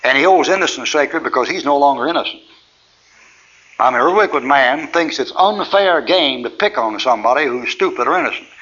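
A man's voice: mid-range voice, a bit bright, lo-fi sound. A man preaching in a folksy, rambling way, teaching through anecdotes and chuckling often.

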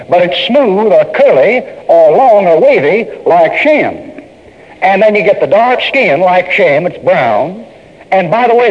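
A man preaching a sermon in an emphatic, folksy way, speaking straight to the congregation. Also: high-pitched. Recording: dull lo-fi sermon tape in a reverberant hall.

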